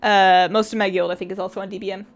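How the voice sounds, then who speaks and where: A woman's voice: medium pitch, level tone, quick pace. A woman game streamer chatting casually during a live stream, reading chat aloud and laughing often.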